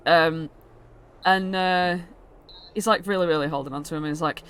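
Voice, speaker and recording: A woman's voice: low voice, fairly even intonation, moderate pace, pauses often, a bit bright, clear, resonant tone. A woman narrating a tabletop game as game master in a rambling, giggly way, with lots of fillers.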